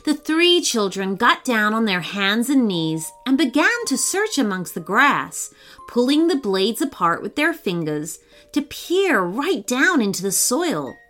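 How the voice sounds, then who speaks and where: A woman reads a children's story aloud in a slow, unhurried way. Her voice rises and falls with lots of expression, on the high side. Faint music plays softly underneath. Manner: warm, animated and expressive.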